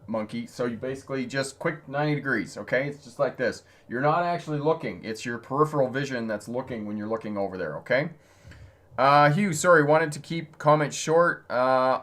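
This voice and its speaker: A man's voice: medium pitch, a bit bright. A male driving instructor talks through viewer questions on a live stream. He speaks in an easy, conversational way with a mid-range voice and laughs often. He reads out questions and then explains.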